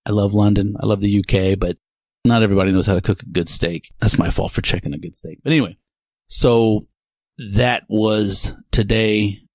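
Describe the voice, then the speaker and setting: A rambling man talks through his podcast in a loose, chatty monologue that keeps drifting off topic. His voice sits low. The sound is close and dry, with no room around it. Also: fairly even intonation, moderate pace, darkish tone, no room sound. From Texas. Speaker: podcast host. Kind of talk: casual monologue.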